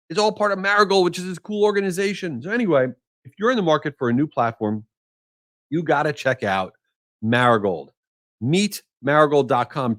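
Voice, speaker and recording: A man hosting a solo podcast, talking energetically in a jokey, animated way with strong opinions. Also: a little high, no echo, studio quality. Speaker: podcast host.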